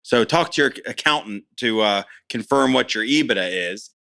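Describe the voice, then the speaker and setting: A man's voice: mid-range voice, normal speed, creaky, a bit bright, no echo. A middle-aged man talking as a business owner in a conversational interview, enthusiastic and plain-spoken, often repeating words as he starts a phrase.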